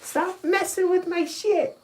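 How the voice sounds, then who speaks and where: A man voicing an excited, angry little girl gamer who squeals and curses indignantly at her mom. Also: extremely high pitch, takes it slowly, voice pushed up.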